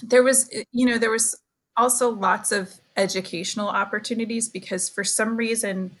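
A woman's voice: mid-range voice, steady tone, moderate pace, fairly bright tone. A woman in her thirties, a parent talking candidly as a podcast guest, with many fillers and laughs. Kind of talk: casual conversation.

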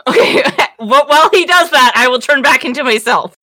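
A woman's voice: sits high, big pitch swings, fairly quick, bright, forceful tone, no echo. A woman playing a tabletop game who laughs often while describing her moves. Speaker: player. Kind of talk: tabletop role-play chat.

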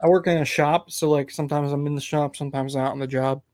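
Laid-back young man, slightly high voice. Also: steady tone, quick pace, a little mellow, slight background noise. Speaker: podcast guest. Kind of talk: casual chat.

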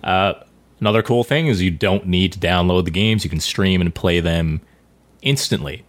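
Deep-voiced man leading a casual chat. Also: moderate pace, no echo. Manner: leads the discussion, asks the others' opinions. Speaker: podcast host.

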